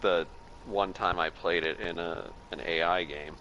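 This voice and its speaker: A man's voice: deep voice, steady tone, measured pace, bright, forceful tone, lo-fi sound, a little hiss or hum. A man from Minnesota with a Minnesotan accent, chatting casually with teammates during an online game and explaining things with many restarts. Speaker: gaming teammate. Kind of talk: casual gaming chat.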